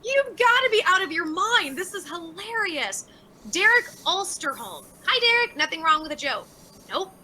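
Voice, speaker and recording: Woman streamer reading chat, high voice that swings all over, blunt and sweary. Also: sing-song, normal speed, pushed and bright, slight background noise, poor audio. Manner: blunt, profane and exasperated. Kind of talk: casual livestream chat.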